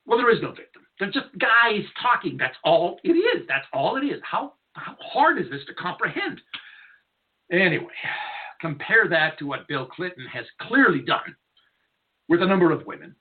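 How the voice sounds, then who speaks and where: A man's voice: high voice, sing-song, normal speed. A man hosting a talk radio show, delivering a blunt, irreverent, rambling monologue from a studio. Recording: narrow tinny lo-fi audio.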